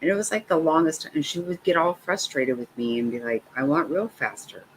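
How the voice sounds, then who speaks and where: A woman's voice: deep voice, fast talker, slight background noise, rough recording. A middle-aged woman hosting a livestream, chatting casually and telling stories with lots of laughter. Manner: laughing, animated storytelling. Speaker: livestream host. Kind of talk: casual chat.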